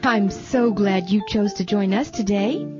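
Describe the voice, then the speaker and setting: A woman telling a Bible story to children, gently asking them questions along the way. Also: medium pitch, unhurried, highs cut off, over music.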